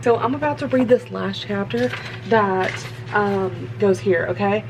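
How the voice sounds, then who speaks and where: A young woman talking casually about a book she's reading, rambling and excitable, swearing now and then. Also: mid-range voice, moderate pace, over music, poor audio. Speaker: book vlogger. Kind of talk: casual chat. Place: car, for the ending.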